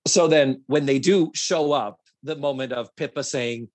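A man hosts a podcast in easygoing chat, his slightly high voice swinging up and down as he mimics lines from a sitcom. He swears freely and keeps it animated. The sound is close and dry. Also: unhurried, few pauses, no room sound. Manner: animated, profane, acts out quotes from the show. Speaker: podcast host. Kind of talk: casual chat reviewing a sitcom.

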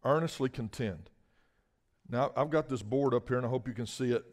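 A man's voice: mid-range voice, brisk. A man preaching a sermon as a guest speaker. He talks emphatically, often repeats words and asks the room for an "Amen?".

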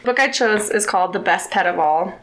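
A woman's voice: medium pitch, lively intonation, a little fast, fairly bright tone. A young woman chatting casually as a podcast guest, retelling a children's book with lots of "like" fillers. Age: young adult. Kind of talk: casual storytelling chat.

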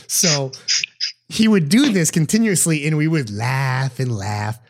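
A man's voice: a little high, a little slow. A young man, co-hosting a podcast and telling stories in casual chat, acting out the people he quotes and swearing freely. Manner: animated storyteller, acts out quotes, swears freely. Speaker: podcast co-host.

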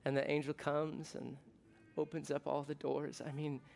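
A middle-aged pastor from the United States delivering a sermon with a casual, joking warmth that breaks into excited bursts. His voice sits a little higher than most men's. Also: moderate pace, vocal fry. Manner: conversational and jokey, with bursts of excitement.

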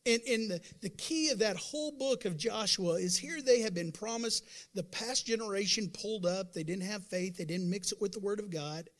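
A male pastor preaching a sermon to his congregation, emphatic with sudden loud bursts, chatty, calling out to the room. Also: high-pitched, moderate pace, hardly any pauses. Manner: conversational, acts out doubters' voices.

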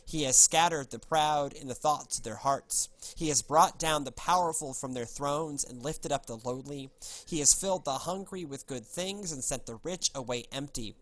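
A man's voice: medium pitch, fairly bright tone. A man hosting a casual podcast, chatting loosely with many fillers and reading scripture aloud. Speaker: podcast host.

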